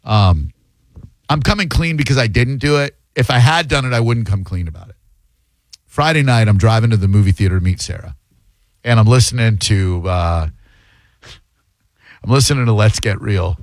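A man's voice: lowish voice, normal speed, long pauses, no echo. Slangy, jokey male radio talk host. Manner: loose, jokey, slangy banter. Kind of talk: casual call-in radio chat.

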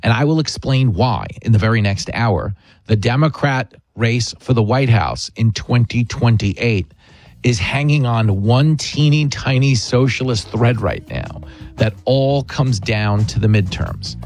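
A man's voice: medium pitch, expressive, unhurried, darkish tone, no room sound. A man hosting a talk radio show, delivering a brash, wisecracking monologue with emphatic asides.

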